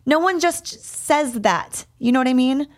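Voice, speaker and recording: A young adult woman in casual podcast chat, telling personal stories in a candid, expressive way and swearing freely. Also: high voice, measured pace.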